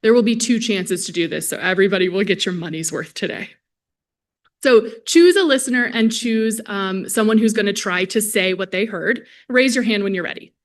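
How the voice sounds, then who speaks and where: A speech-language pathologist lectures at a symposium through a presenter microphone, speaking at medium pitch and a moderate pace. Friendly and conversational, she addresses the people in the hall directly.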